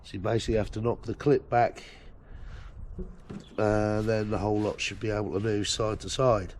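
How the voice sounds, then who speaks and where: A man with a hoarse, croaky throat hosting a casual repair video, explaining the job in a laid-back way with lots of fillers. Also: on the low side, little pitch movement, normal speed. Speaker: host doing vehicle repairs. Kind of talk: casual how-to narration. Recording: loud background noise with clicks.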